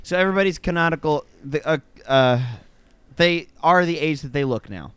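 A man's voice: fairly high pitch, normal speed, fairly bright tone, clear, resonant tone. A man co-hosting a podcast in casual chat, goofy and rambling, poking fun at himself. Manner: goofy, rambling, self-mocking. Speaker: podcast co-host.

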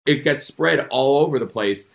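A man's voice: mid-range voice, lively intonation, moderate pace, gravelly. Enthusiastic male interview host. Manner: enthusiastic and affirming. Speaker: podcast host.

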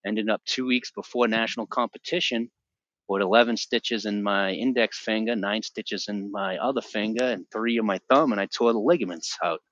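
A man's voice: fairly low pitch, moderate pace, fairly bright tone, dry recording. A man as a podcast guest, telling his personal faith testimony in an earnest, emotional way and repeating himself for emphasis, on a dull lo-fi recording. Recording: dull lo-fi dry sound.

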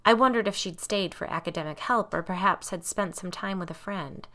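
A woman narrating a first-person audiobook in a measured, intimate storytelling manner. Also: medium pitch, sharp tone.

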